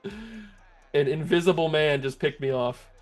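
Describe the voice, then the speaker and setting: Male gaming host, play-by-play commentary, excitable, laughs a lot, fairly high voice, faint music underneath. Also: measured pace. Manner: excitable, laughs often, yells in disbelief at game glitches. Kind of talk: video game play-by-play commentary.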